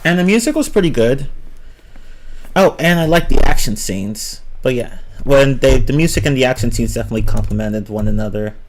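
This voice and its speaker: A man's voice: medium pitch, lively intonation, brisk, slight background noise. A young man rambling casually through a film review on a livestream, often restarting his sentences, swearing now and then and reacting to chat. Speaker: livestream host reviewing films.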